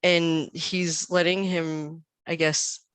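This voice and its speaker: Her voice sits low, clear and resonant, and she speaks slowly with no room sound. A podcast guest in her thirties, she tells family stories in casual chat, animatedly performing the quoted lines.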